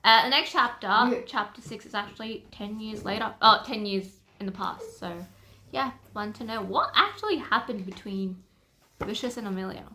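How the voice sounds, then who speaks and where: A young woman chatting casually as she recaps a novel, gushing and excitable, now and then breaking into loud squeals. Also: mid-range voice, moderate pace, background noise. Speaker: book vlogger.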